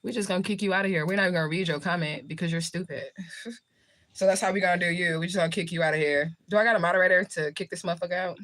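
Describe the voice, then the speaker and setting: A woman's voice: fairly low pitch, fairly even intonation, rapid-fire, fairly bright tone. Profane, blunt woman livestreaming. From United States. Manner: blunt, heavily profane, jokey with frequent laughter. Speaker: livestream host, spiritual reader. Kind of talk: casual livestream chat answering comments.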